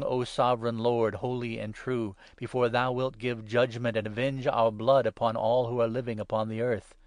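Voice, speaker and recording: A man's voice: fairly low pitch, no room sound. Solemn man reading scripture aloud. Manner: measured, solemn reading that swells louder on proclamations. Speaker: scripture reader.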